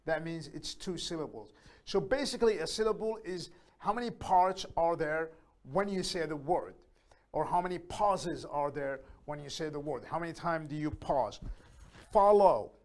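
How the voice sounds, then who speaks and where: A man teaching a beginner English lesson, patiently explaining step by step and slowly repeating each word aloud so learners can copy it. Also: on the high side. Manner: slow, repeats words aloud to model pronunciation.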